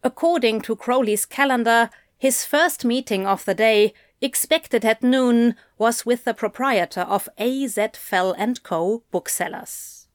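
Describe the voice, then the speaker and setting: A woman narrating a story aloud in a measured, wry manner. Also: fairly high pitch, dry recording, studio quality. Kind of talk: audiobook narration.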